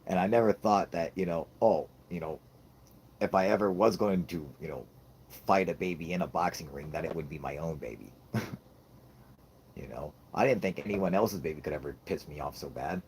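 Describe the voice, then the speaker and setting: A man's voice: sits low, normal speed, darkish tone, a little hiss or hum. A man ranting about his toddler in a casual chat, swearing constantly and laughing at his own jokes. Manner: profane, laughing, rambling comic rant. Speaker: podcast host.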